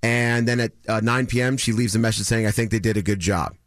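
A man in his thirties telling a story on a morning radio show, animated and mimicking other people in a higher voice. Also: fast talker, dry recording, studio quality. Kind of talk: casual chat, telling a story.

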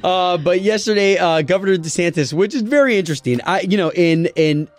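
A man's voice: sits high, a little fast, no room sound. A man in his forties co-hosting a morning country radio show, chatting loosely with lots of fillers. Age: 40s. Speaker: radio co-host.

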